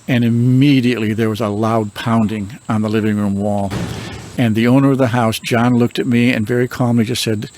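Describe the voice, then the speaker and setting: An older man tells his ghost stories in a calm, measured way. He takes his time and lets dramatic pauses hang between the beats. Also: mid-range voice, slight background noise. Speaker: paranormal investigator and reverend. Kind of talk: storytelling.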